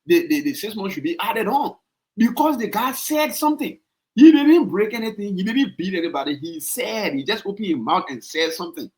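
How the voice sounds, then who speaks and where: A man with a Liberian English accent hosting a podcast and arguing his point, repeating himself and jumping up high when worked up. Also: animated, fairly quick, darkish tone, low-quality recording. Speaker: podcast host. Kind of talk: heated podcast debate.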